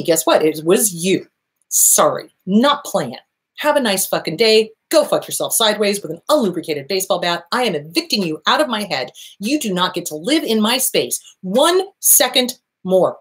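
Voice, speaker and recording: A woman's voice: mid-range voice, expressive, normal speed. A woman therapist hosting an advice talk, speaking bluntly and emphatically with frequent profanity and acted-out bits of dialogue. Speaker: therapist and show host. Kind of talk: direct-to-camera advice talk.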